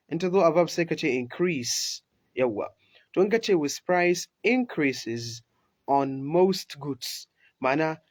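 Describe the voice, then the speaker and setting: A man's voice: a little high, dry recording. Nigerian Hausa man teaching English. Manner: switches between languages, repeats phrases slowly for learners. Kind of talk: recorded language lesson.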